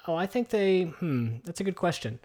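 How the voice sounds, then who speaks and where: Podcast co-host, male, higher-pitched, meandering and halting, headset mic in a home kitchen. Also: animated, a little mellow. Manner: rambling, hesitant, many fillers and restarts. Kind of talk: casual podcast chat. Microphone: headset microphone with headphones.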